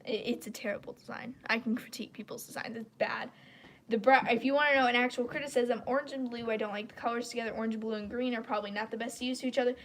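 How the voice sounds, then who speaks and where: Woman streamer, slightly high pitch, stuffy congested throat; blunt, opinionated, rambling delivery. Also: steady tone, quick pace, a bit bright, a little hiss or hum. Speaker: live stream host. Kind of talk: casual live-stream rant.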